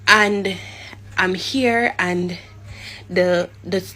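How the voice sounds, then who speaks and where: Earnest Jamaican woman, lowish voice. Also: fairly even intonation, bright, forceful tone. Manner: earnest and shaken, halting restarts, rising to a fervent preaching tone. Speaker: storyteller sharing a personal testimony. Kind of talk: emotional personal testimony.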